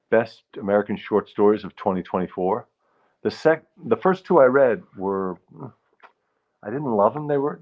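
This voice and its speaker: Very deep-voiced man rambling through a livestream. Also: lo-fi sound. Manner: rambling, punning, self-interrupting, frequent throat clearing. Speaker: livestream host. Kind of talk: casual solo livestream chat.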